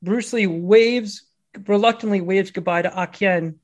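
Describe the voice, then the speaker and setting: A man co-hosting a casual film chat, telling stories in an animated way and laughing often. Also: high-pitched, measured pace. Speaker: podcast co-host.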